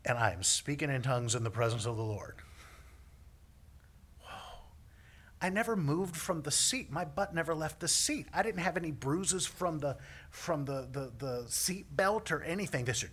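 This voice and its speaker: A male minister delivers a sermon and weaves in his own story with animated energy. His voice is husky yet bright and forceful, sitting a little high for a man. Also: moderate pace. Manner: animated storytelling, laughs often, repeats words. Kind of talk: sermon with personal testimony.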